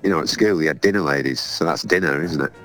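A man with a very deep, low voice, chatting casually on a podcast. He rambles through his stories with a self-mocking touch. Faint music sits under the talk. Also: fast, fairly bright tone. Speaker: podcast co-host. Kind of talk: casual chat.

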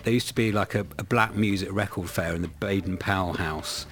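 A man's voice: low-pitched, fairly even intonation, fairly quick, a bit bright. A middle-aged man from London, a guest in casual chat, telling rambling stories with many restarts. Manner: rambling, self-correcting storyteller.

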